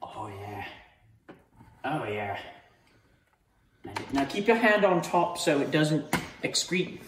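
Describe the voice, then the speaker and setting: A man hosting a parody cooking show, bossing his helper around and yelling insults between laughs. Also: a little high, big pitch swings, slow. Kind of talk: comic improvised cooking demo. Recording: roomy echoey room, faint noise.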